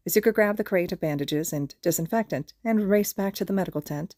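A woman's voice: fairly low pitch, a little fast, no room sound, studio quality. A woman reading fan fiction aloud, narrating steadily as a podfic reader. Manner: steady, plain storytelling.

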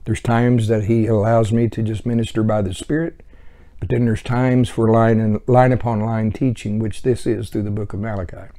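A man's voice: lowish voice, level tone, normal speed, warm tone. A man teaching verse by verse through a Bible book in a conversational way, with chuckling asides.

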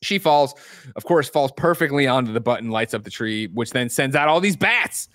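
A podcast co-host with a mid-range, expressive, fairly bright voice speaks at a moderate pace, casually recapping a film scene by scene. He swears freely and acts out the characters' lines along the way. The remote show is recorded from his home setup, with a dry, clean studio sound.

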